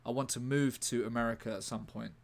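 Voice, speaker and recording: Chatting to viewers during his writing-session livestream, the British comedian rambles and jokes. This time he talks fast in a creaky, mid-range voice whose tone stays steady.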